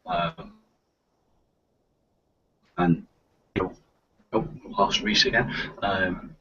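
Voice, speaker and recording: Speaking extremely slowly in a low, steady voice that is bright, forceful and husky, this man hosts a casual live video chat. A light Liverpool accent colors his rambling, which is packed with fillers and restarts; the stream audio is lo-fi, muffled and distant.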